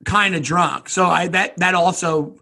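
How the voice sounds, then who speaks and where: Husky high-voiced man telling a story. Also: measured pace. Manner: animated, acts out shouted quotes, laughs often. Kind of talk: casual storytelling chat.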